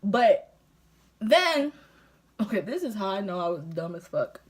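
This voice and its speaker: Animated young woman telling a story. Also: medium pitch, a little slow. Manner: animated, profane, laughs often. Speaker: vlogger. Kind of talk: casual storytime while doing makeup.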